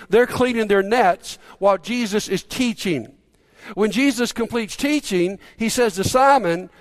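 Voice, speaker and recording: A middle-aged pastor with a notably high voice retells a story during a sermon in a chatty, storytelling style. He frequently stumbles and restarts his sentences and throws questions out to the congregation.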